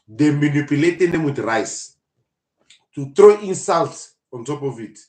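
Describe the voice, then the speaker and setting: A man hosting a casual live podcast, talking in an animated, mocking and joking way. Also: on the high side, measured pace. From South Africa. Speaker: podcast host. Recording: roomy echo.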